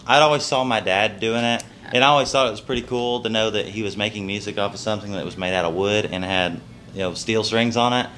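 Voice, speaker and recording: A man's voice: lowish voice, fast talker, fairly bright tone, slight background noise. A young man, a country singer telling his story in a casual interview, earnest and humble, rambling with restarts.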